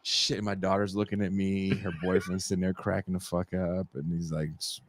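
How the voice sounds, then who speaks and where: A man in his forties co-hosting a podcast, telling stories in a casual, animated way and swearing freely. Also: sits low, fairly quick, no room sound. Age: 40s. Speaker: podcast co-host. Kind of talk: casual chat.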